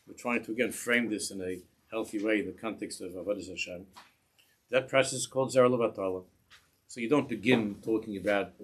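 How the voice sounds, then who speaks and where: A man giving a religious lesson in a measured way, often repeating phrases as he searches for words. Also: lowish voice, breathy edge. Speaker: religious teacher. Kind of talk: instructional talk to parents.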